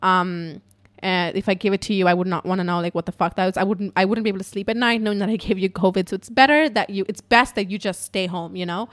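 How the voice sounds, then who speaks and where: A young woman telling a story in a casual, profane, animated way at home in her apartment. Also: mid-range voice, quick pace.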